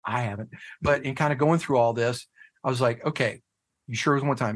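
A man speaking casually on a podcast, mid-pitched, with a loose, profane delivery. He tells his story animatedly, often jumping into loud, incredulous outbursts. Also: quick pace, creaky, husky. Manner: animated storyteller, swears freely, jumps to shouting disbelief. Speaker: guest, head of a fathers' nonprofit.

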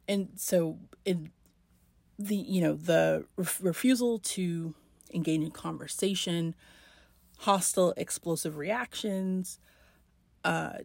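A woman hosts a solo podcast, thinking aloud in a slow, searching way and often pausing to restart her sentences. Her voice sits low with a gravelly edge. The recording is dry and close to the mic. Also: darkish tone, no echo. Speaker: podcast host. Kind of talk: reflective solo podcast monologue.

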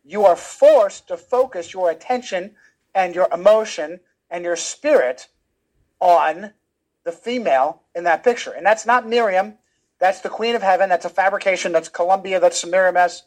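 A man with a notably high voice talks as a guest author in an interview. He speaks emphatically, often repeating words to drive his points home. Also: normal speed. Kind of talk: animated conversational interview.

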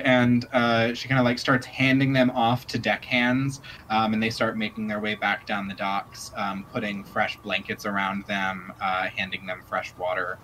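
A man's voice: fairly low pitch, a bit bright, slight background noise, poor audio. A man narrating as game master for a tabletop role-playing game, rambling with many fillers.

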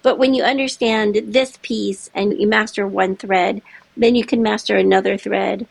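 Chatty woman with a gravelly voice. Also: medium pitch, moderate pace, dry recording. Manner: chatty, animated, laughs often. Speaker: interview guest. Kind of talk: casual chat.

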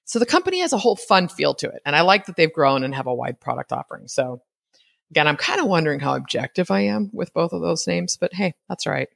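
A woman hosts her own podcast from a home setup, speaking into a podcast mic. Her delivery is candid and conversational, with light laughter and frequent asides. She pauses at times to spell words out letter by letter. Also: low voice, gravelly. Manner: candid, chatty and lively, with quick laughs and asides. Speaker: podcast host. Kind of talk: solo podcast commentary.

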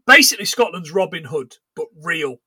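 A man with a high, bright voice, recorded dry and close with no room sound. He co-hosts a podcast in loose, rambling chat, dropping in swear words as he goes through what he has seen. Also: animated, a little fast, breathy edge, dry recording. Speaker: podcast co-host. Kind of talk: casual chat.

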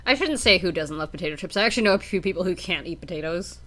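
A woman's voice: on the low side, expressive, rapid-fire, a loud crowd. Giggly Canadian woman podcaster. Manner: giggly, hesitant restarts. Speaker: podcast co-host. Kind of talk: casual chat.

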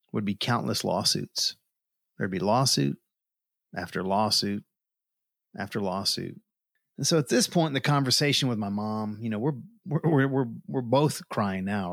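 In studio-quality audio with no room sound, a middle-aged man speaks at medium pitch in a fairly bright tone. His personal testimony comes out earnest and emotional, with frequent repeated words.

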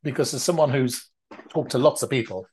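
A man with a slightly husky voice, leading a relaxed interview. He asks probing questions and often restarts them as he goes. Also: medium pitch, fairly quick. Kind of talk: conversational interview.

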